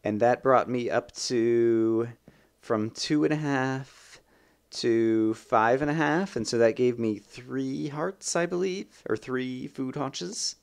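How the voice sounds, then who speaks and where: A young man hosting a let's play, chatting and thinking aloud as he plays, with sudden bursts of excitement. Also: mid-range voice, takes it slowly. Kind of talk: gameplay commentary.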